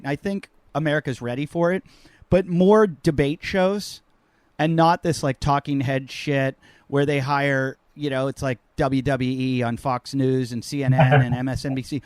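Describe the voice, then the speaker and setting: A man hosting a podcast over a remote call, talking in an animated, rambling, self-mocking way with lots of jokes. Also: on the high side, no room sound. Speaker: podcast host. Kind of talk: casual joking chat.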